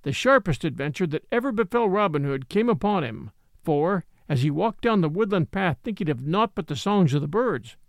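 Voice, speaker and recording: A man narrating an old adventure tale in an expressive storytelling manner. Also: sits high, normal speed, dry recording, studio quality.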